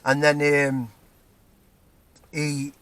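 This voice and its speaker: A man's voice: a little high, monotone, extremely slow, a bit bright, dry recording. A man from Nottingham with a Nottingham accent, ranting to camera in a heated, swearing way, stumbling over restarts and tagging lines with "right?". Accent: Nottingham English. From England, Nottingham. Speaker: vlogger. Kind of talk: angry personal rant to camera.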